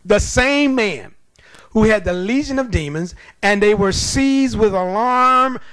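High-voiced preacher giving an emphatic sermon. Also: male voice, lively intonation, measured pace, a bit bright, clear, resonant tone, no room sound. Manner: emphatic, storytelling, colloquial.

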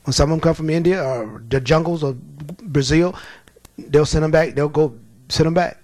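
A man preaching a sermon, telling Bible stories with lively, acted-out voices. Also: a little high, moderate pace. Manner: animated storytelling with acted-out voices.

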